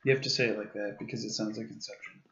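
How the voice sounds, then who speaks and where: A man's voice: lowish voice, fairly even intonation, racing, gravelly, fairly bright tone. A young man, a podcast guest who jokes and trades puns in casual chat. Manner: joking, pun-loving, giggly. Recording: echoey room, dull lo-fi audio.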